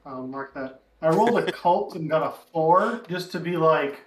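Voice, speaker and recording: A man's voice: a little high, normal speed, a little hiss or hum. A man playing at a tabletop game, casual and joking. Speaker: player. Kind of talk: tabletop role-play chat. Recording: echoey room.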